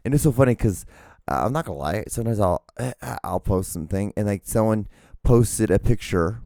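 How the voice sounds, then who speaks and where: Rambling, profane man with a dark voice. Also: lowish voice, animated, a little fast, dry recording, clean studio sound. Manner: rambling, profane and self-mocking. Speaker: podcast host. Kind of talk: casual rambling solo monologue.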